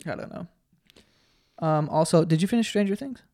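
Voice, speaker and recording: A young man co-hosting a podcast, talking fast and casually with lots of swearing, his voice cracking now and then. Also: fairly high pitch, warm tone, no room sound. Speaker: podcast co-host. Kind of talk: casual chat.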